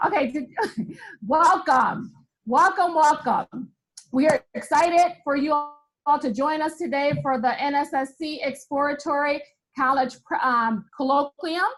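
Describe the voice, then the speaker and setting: A woman's voice: sits high, animated, slow pace, a bit bright, poor audio. A woman on a video call giving an enthusiastic, cheerleader-style welcome speech to open a university colloquium, whooping and cheering between lines. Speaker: university staff member opening a colloquium.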